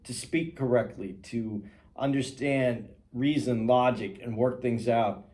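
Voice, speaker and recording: A man co-hosting a podcast, speaking in a measured, reasoning way in casual discussion. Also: mid-range voice, fairly even intonation, a little mellow. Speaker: podcast co-host.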